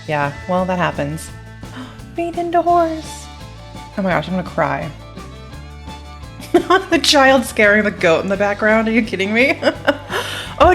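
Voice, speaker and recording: A young woman YouTuber reacting to a game trailer in a bubbly, chatty way, gasping and giggling as she talks. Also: fairly low pitch. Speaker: gaming YouTuber.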